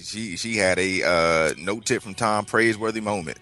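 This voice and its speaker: A man's voice: fairly low pitch, normal speed, bright, forceful tone, soft background music. A man co-hosting a casual chat, telling a laid-back joking anecdote. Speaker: podcast co-host.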